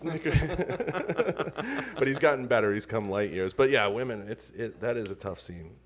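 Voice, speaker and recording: A man's voice: medium pitch, big pitch swings, a little slow, breathy edge. A man hosting a casual conversation who jokes around and laughs easily. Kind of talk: casual chat.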